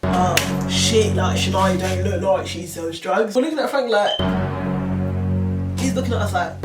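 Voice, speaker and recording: A young woman, telling a story to camera and acting out the quotes with slang. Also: lowish voice. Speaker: vlogger. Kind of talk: storytime vlog. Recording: roomy sound from a distance with music.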